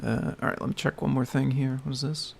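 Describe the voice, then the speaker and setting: Gravelly, mumbling man hosting a stream. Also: medium pitch, flat delivery, brisk, a little hiss or hum. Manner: mumbling, soft-spoken. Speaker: livestream host. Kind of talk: casual livestream explaining. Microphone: desk microphone.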